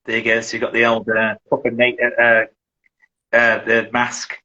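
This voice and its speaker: A middle-aged man from England talks casually as an interview guest, rambling and tripping over his words as he restarts. His voice is bright and forward, and his pitch sits in an ordinary middle range. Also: completely flat delivery, moderate pace, lo-fi sound. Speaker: guest, survival instructor.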